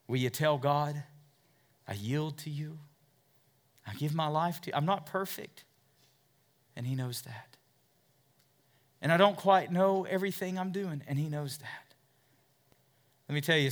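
Pastor guy preaching a sermon to his church, repeats himself and quizzes the crowd, goes big then real quiet. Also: mid-range voice. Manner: preaching with big swings between loud emphatic lines and hushed, near-whispered appeals; asks the congregation questions and repeats words as he builds.

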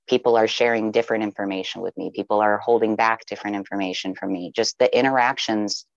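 A low, even-pitched speaker talks as a podcast guest, sharing personal stories in an earnest, reflective way. The sound is muffled and dry, with no room around it. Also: no echo. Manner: earnest, reflective, many "you know" fillers. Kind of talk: candid personal storytelling.

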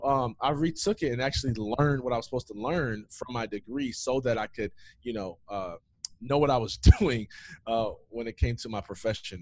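A man in his thirties, a former athlete, telling his story in a casual interview with many "man" and "um" fillers. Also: medium pitch. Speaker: guest, former athlete and founder.

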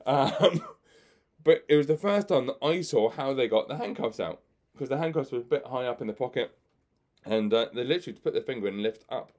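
A man's voice: medium pitch, expressive, a little fast, darkish tone. Chatty man telling stories. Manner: chatty, laughs often, many fillers; acts out other people's lines in the stories. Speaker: magician and podcast host. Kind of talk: anecdotal podcast storytelling.

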